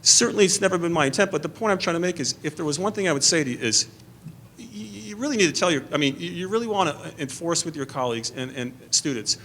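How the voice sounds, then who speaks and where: Brief: middle-aged male debater, earnest, slightly higher voice, restarts often. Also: animated, fast talker, a bit bright. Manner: earnest, repeats and restarts under pressure. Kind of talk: debate answer. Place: theatre stage at a podium.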